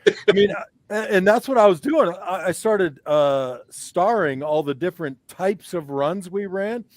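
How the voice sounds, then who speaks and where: A man's voice: sits high, expressive, measured pace, no room sound. A man co-hosting a casual sports talk show, a former player given to joking, teasing banter. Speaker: co-host, former football player.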